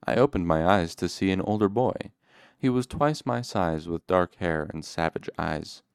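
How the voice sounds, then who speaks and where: A man reading a novel aloud in the first person, with measured, steady storytelling. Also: low voice, creaky, smooth, no room sound, clean studio sound. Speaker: audiobook reader.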